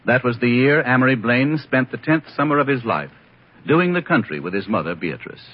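A man giving measured, wry, literary narration for a radio drama. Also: mid-range voice, lively intonation. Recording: lo-fi vintage radio broadcast.

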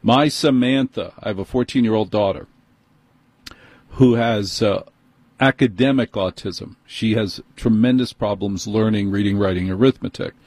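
A man's voice: fairly low pitch, normal speed, darkish tone, no room sound. A middle-aged man with a New York accent, hosting and telling a personal story in an exasperated, emphatic way.

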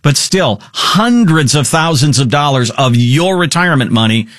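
A man hosting a radio talk show, speaking emphatically and slowing down to stress numbers. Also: fairly high pitch, expressive, a bit bright, dry recording, studio quality. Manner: emphatic, stretches key numbers.

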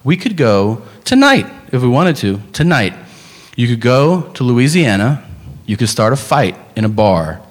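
A man's voice: medium pitch, sing-song, unhurried, big-room sound. A male stand-up comedian ranting in an incredulous, profane way.

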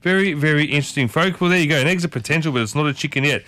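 A man's voice: a little high, very fast, sharp tone, no room sound. A man hosting a morning radio show, chatting casually and playfully, often restarting his sentences. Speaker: radio host. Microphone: studio microphone.

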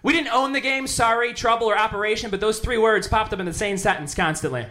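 A man with a high, bright voice tells wry stand-up stories at a fast clip. He acts out both sides of quick mock dialogue. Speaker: stand-up comedian. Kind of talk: stand-up comedy set.

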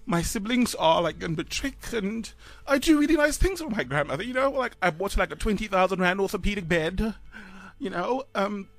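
A South African man in his thirties, a radio co-host, telling a personal story in a halting, choked-up way with sighs and fillers. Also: high-pitched, expressive. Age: 30s.

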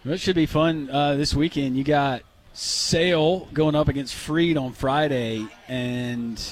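A man's voice: a little high, steady tone, a little slow, a little hiss or hum. A middle-aged man co-hosting a sports radio show, joking and teasing in casual chat. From Minnesota. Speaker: radio co-host.

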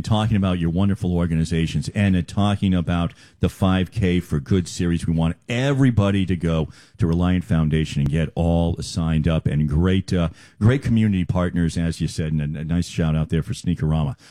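Deep, mellow-voiced radio host. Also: male voice, normal speed, dry recording, studio quality. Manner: upbeat, affirming guests. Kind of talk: casual radio interview.

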